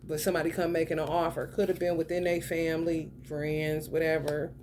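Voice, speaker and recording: A woman's voice: deep voice, level tone, fairly quick, background noise. Blunt, foul-mouthed woman tarot reader. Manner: blunt, profane, slangy, swings between loud and muttered. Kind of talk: casual spoken tarot reading.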